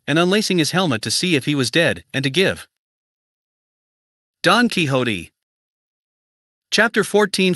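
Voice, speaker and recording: A man reading a classic novel aloud as an audiobook narrator, in an even, measured way that keeps the dialogue close to his narrating voice. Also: fairly high pitch, dry recording. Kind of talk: scripted narration.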